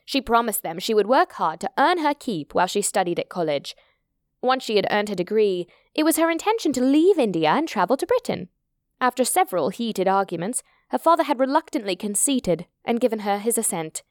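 A woman narrating a story in a measured, descriptive audiobook reading. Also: mid-range voice, big pitch swings, no echo, studio quality.

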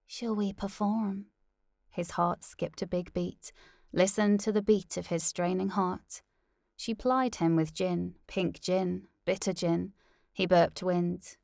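A woman narrating a novel aloud in a measured, deliberate way. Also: lowish voice, flat delivery, creaky, a little mellow, dry recording, clean studio sound.

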